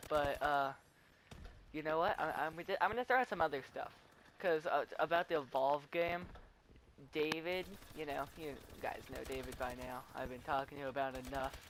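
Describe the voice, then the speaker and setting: Over slight background noise, a teen boy narrates his gameplay live in a somewhat high, fairly bright voice. He's rambling and talkative, often restarting his stories midway.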